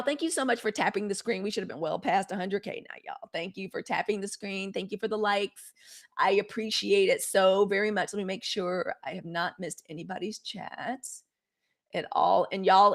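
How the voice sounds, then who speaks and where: A woman in hosting a live news show, talking straight to her viewers in a sassy, animated way. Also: mid-range voice. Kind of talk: casual live-stream commentary.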